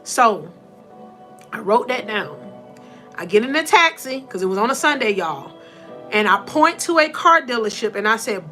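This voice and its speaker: Woman host, faith-based motivational talk, high pitch, emotional storyteller who talks straight to her viewers as y'all. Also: big pitch swings, normal speed, pushed and bright, faint music behind. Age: adult with four sons. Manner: emotional, laughs and tears up.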